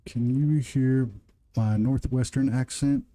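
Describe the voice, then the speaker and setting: Slow and dark-toned, his mid-range voice keeps a fairly even intonation. He's a Midwestern man with a twang, streaming a game live and chatting loosely with viewers, rambling between moves.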